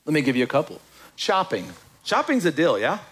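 A man's voice: fairly high pitch, a little fast, breathy edge. A male pastor preaching a sermon, acting out quotes and questions with lots of energy. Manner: animated, acts out quotes in voices.

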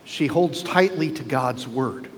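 A man's voice: mid-range voice, lively intonation, slow, slight background noise. Man preaching in a reverberant church. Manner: preaching with rhetorical questions to the congregation. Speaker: pastor. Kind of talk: sermon. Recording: long reverb with faint ambience.

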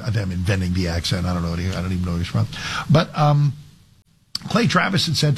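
Husky-voiced male talk radio host. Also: sits low, lively intonation, fast talker. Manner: conversational, frequent restarts and filler words. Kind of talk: opinionated talk radio monologue.

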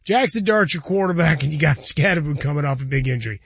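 A man's voice: a little high, lively intonation, fast, husky, no echo. A man co-hosting a sports talk show, chatting casually about football and betting, often tagging his points with "right?". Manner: conversational, tags statements with "right?", chuckles. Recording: dull lo-fi recording.

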